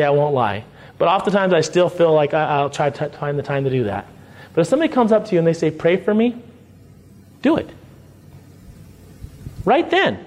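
A male pastor preaching a sermon in a conversational way, checking in with the congregation through frequent "right?" and "okay?" asides. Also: a little high.

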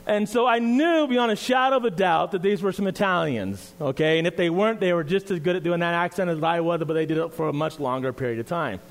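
A man's voice: a little high, fast talker, hardly any pauses. A man preaching in a church, reading scripture, praying and sharing his story in an earnest, conversational way. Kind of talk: sermon with scripture reading and prayer.

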